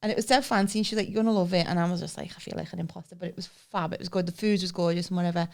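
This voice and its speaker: On a podcast she co-hosts, a woman whose voice is on the low side, racing, and creaky recounts comic stories casually, lively impressions of each person included.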